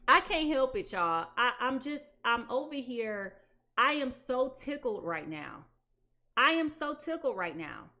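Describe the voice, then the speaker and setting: A woman gives a live tarot reading with a high, bright voice. She talks in a chatty way, laughs often and repeats her phrases. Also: big pitch swings, unhurried. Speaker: tarot reader.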